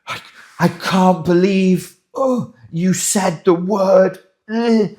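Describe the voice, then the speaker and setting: A man doing a shrill, outraged woman. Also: slow, a little mellow. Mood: indignant. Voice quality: high, strained falsetto. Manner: melodramatic, gleefully outraged. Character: shrill, indignant woman taking offense.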